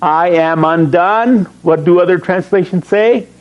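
A man preaching to his congregation in a conversational, animated way, with a somewhat higher voice than most men. He reads scripture aloud, throws questions out to the listeners and answers them himself. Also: a little slow, clear, resonant tone, highs cut off. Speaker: pastor. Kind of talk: sermon.

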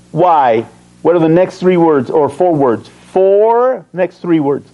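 In phone-quality sound, a pastor delivers a slow-paced sermon in an animated, conversational style, his voice a bit higher than the typical man's. He reads scripture aloud and throws out questions to his listeners, then answers them on his own.

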